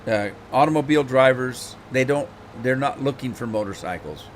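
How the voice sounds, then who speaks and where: Man, middle-aged, livestream host, casual rambling chat, mid pitch, faint background noise. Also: expressive, normal speed. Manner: rambling, repeats words while thinking. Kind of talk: casual chat while playing a game.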